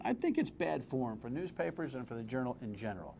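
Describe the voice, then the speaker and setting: A man hosting a live TV political talk show, animated and exclamatory, full of rambling asides. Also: medium pitch, fast, creaky, hardly any pauses, slight background noise.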